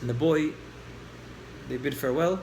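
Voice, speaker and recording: A man teaching a class, telling a story with lively acted-out dialogue and questions to the listeners. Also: mid-range voice, normal speed, slight background noise, poor audio.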